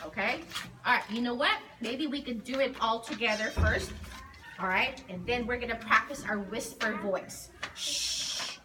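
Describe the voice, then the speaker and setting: A woman teacher leading a guided reading lesson with young children, patiently prompting and drawing out words. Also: medium pitch. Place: school classroom. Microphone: recording device set at a distance. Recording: distant mic in a noisy classroom.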